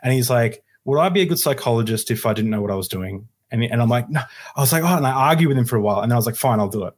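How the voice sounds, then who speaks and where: Fast-talking husky man, podcast host. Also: mid-range voice. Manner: animated, acts out quoted dialogue. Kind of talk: casual chat, personal storytelling.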